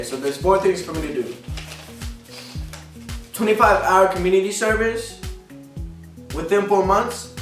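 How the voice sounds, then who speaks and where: A man vents in a frustrated, profanity-laden vlog rant that circles back over the same complaints. His voice sits a little high for a man and sounds distant from the mic in an echoey room. Faint music plays in the background. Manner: frustrated, profane, repetitive venting. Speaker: vlogger.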